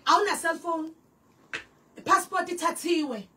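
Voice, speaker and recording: A young South African woman telling her story to an interviewer, animated and switching languages mid-sentence. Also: extremely high pitch, unhurried, distant mic. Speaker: guest.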